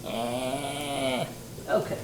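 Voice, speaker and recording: A man's voice: medium pitch, level tone, drawn-out words. Chatty man cooking in an echoey kitchen. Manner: chatty and playful, talks to viewers. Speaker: livestreamer cooking dinner. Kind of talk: casual livestream chat while cooking. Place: home kitchen. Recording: echoey kitchen with sizzling pan noise.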